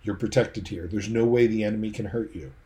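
A man voicing a loving, generous king who speaks gently and reassuringly within a sermon. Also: on the low side, fairly quick, natural voice.

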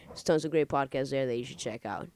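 A man co-hosting a podcast, running through the show's links in a brisk, upbeat way. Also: mid-range voice, darkish tone, clean tone, no room sound. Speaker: podcast co-host. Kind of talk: casual chat, show plugs.

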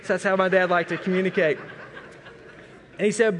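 A middle-aged man from Arkansas preaching a sermon, telling a folksy, animated story and acting out family voices. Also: high-pitched, fairly quick, long pauses. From Arkansas, USA. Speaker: pastor. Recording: long reverb of a large hall.

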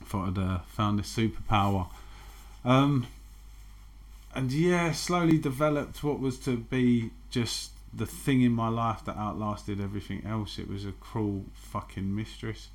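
A man's voice: lowish voice, a little slow. A man, frankly telling his own recovery story and swearing freely. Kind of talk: candid personal testimony.

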